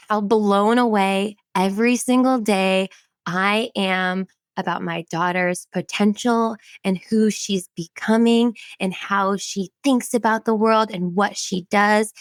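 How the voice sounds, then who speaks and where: A woman hosting a podcast, chatting with enthusiasm and telling stories in an animated way. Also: medium pitch, no echo. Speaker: podcast host. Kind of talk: casual interview chat.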